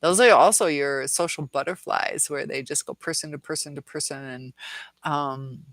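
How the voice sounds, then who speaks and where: A woman's voice: deep voice, normal speed, a bit bright, no echo. A woman hosting a casual live stream, answering viewer comments in a chatty way, laughing often, with many fillers and restarts.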